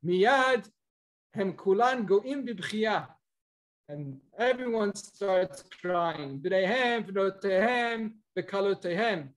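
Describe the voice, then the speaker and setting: A male rabbi giving a Torah lesson as guest speaker, quoting Hebrew and Aramaic texts and retelling them in a lively, storytelling way. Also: high voice, takes it slowly. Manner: cites Hebrew and Aramaic texts, then explains.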